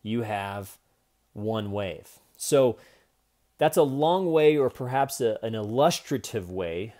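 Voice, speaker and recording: A man's voice: lowish voice, lively intonation, slow pace, warm tone. A man in his forties giving a loose, joking video lesson on day trading, with profane asides. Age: 40s.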